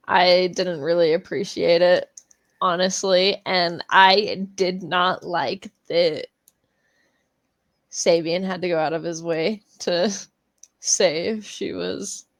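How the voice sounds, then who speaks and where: A young adult woman co-hosting a book club podcast, speaking slowly and laughing through emotional moments. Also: lowish voice, dry recording. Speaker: podcast co-host. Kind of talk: casual book club chat.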